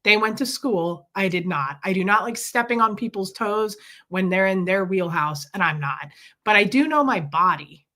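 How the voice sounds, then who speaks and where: A woman's voice: mid-range voice, animated, moderate pace, pushed and bright. A woman chatting on a casual livestream, telling a story, venting frustration and answering viewers by name.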